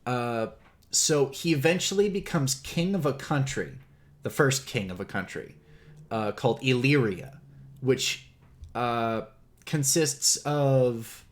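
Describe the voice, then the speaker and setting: Slow, rambling man presenting lore. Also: medium pitch, animated. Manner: slow, rambling, many fillers, laughs often. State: clearing his throat. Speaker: host presenting game lore. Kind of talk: casual livestream lecture.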